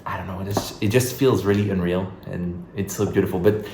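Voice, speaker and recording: A man's voice: sits low, steady tone, brisk, a little mellow, a little hiss or hum. A man from France with a French accent, chatting casually to the camera in an upbeat, rambling way. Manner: upbeat, rambling, thinks aloud with many fillers. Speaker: solo entrepreneur vlogger. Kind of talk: casual vlog chat to camera.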